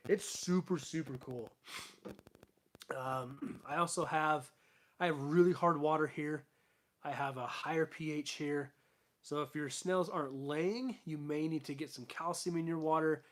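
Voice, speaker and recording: A young man talks casually to his stream viewers from his fish room at home, rambling through fillers and false starts. His voice sits a little higher than most men's and is starting to wear out and turn hoarse. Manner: rambling, chatty, fillers and restarts. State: losing his voice. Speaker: aquarium channel host. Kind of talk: casual live stream chat.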